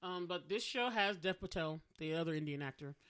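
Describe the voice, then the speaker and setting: A woman with a bright, forceful voice co-hosts a casual podcast chat. She talks in long, animated runs and laughs often. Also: fairly low pitch, fairly quick, clear, resonant tone. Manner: chatty, animated, laughs while mimicking accents. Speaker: podcast co-host.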